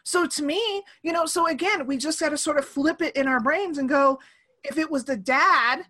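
Over a remote call, a thirtysomething woman leads an easygoing conversation, acting out the voices she quotes with lively energy. Her pitch sits high and her speed is ordinary.

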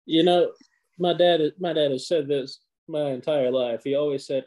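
A man co-hosting a podcast, telling stories in an animated, profane, casual way, full of fillers. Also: fairly high pitch, moderate pace, poor audio. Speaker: podcast co-host. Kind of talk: casual chat.

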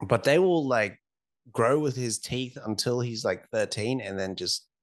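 A man in his thirties and a father, talking in casual podcast chat with blunt, profane, deadpan remarks. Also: mid-range voice, measured pace. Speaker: podcast co-host.

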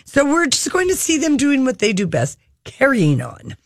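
A woman co-hosting an entertainment talk radio show, chatting casually with quick asides. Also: sits high, huge pitch swings, dry recording, clean studio sound.

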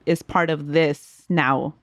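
A woman's voice: low voice, steady tone, slow, a bit bright, no echo, clean studio sound. A young woman co-hosting a podcast in casual chat, laughing at her own slips and stumbles. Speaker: podcast co-host.

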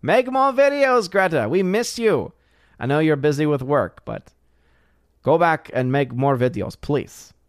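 A man voicing a small cat that begs sweetly in a high, put-on voice. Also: animated, a little slow, no echo, studio quality. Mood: pleading. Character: cute pleading cat, male, small.

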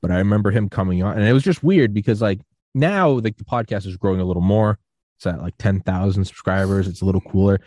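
Low, dark-voiced young man hosting a podcast. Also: quick pace, no room sound, clean studio sound. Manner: rambling storyteller, quotes others in animated voices. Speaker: podcast host. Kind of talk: casual interview chat.

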